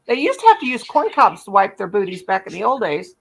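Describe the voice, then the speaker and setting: A woman's voice: mid-range voice, huge pitch swings, fast, gravelly, breathy edge, low-quality recording. A middle-aged woman with a Southern US accent hosts a casual crochet livestream, playful and chatty, humming nonsense syllables. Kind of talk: casual live chat.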